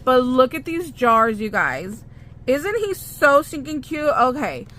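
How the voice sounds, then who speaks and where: Bubbly american girl showing off her haul, high voice, real bright and chirpy. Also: very animated, takes it slowly. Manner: bubbly, gushing, talks to viewers as you guys. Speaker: craft vlogger. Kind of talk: casual haul chat.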